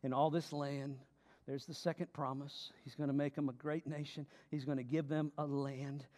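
A man pastor preaching a sermon, reading scripture and explaining it, swinging between loud emphatic passages and hushed, low delivery. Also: little pitch movement, normal speed, long reverb tail.

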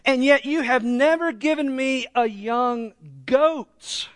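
A man's voice: extremely high pitch, slow pace, no echo, studio quality, pitched above the performer's own voice. A man voicing a resentful, self-pitying elder son who complains curtly and disrespectfully to his father.

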